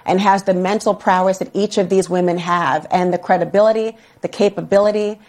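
A woman's voice: medium pitch, steady tone, brisk, a little mellow. A woman legal commentator speaking earnestly and emphatically on a news broadcast clip.

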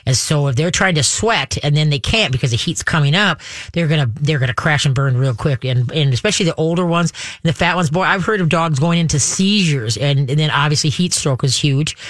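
A man's voice: on the high side, a little fast, a bit bright, no echo, clean studio sound. Chatty man hosting a dog show. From Minnesota. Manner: chatty, folksy, rambling with restarts. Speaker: radio show host on dogs. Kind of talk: casual radio talk.

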